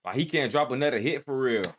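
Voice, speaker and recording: A man's voice: mid-range voice, animated, fast, a little hiss or hum. A man hosting a reaction video, chatting casually in heavy slang with bursts of disbelief.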